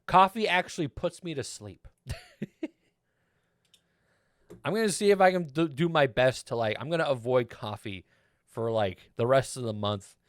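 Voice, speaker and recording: A man's voice: mid-range voice, normal speed, long pauses, no room sound. A man streaming a video game and chatting casually with viewers, rambling and laughing often into a desk mic. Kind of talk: casual gameplay chat.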